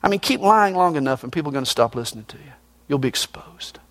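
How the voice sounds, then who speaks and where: A man's voice: fairly high pitch, lively intonation, racing, fairly bright tone, dry recording. A man preaching a sermon, reading scripture verses and explaining them in a folksy, joking way.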